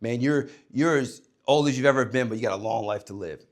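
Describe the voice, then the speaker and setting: A man and former coach giving a motivational talk to young people, emphatic, swinging between loud and hushed delivery. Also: medium pitch, fairly quick.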